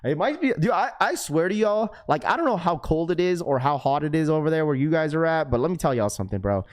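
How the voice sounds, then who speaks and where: A man with a raspy voice hosting a sneaker livestream, chatting casually in slang and reading chat messages aloud. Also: a little high, lively intonation, fast talker. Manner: laid-back, slangy, full of fillers.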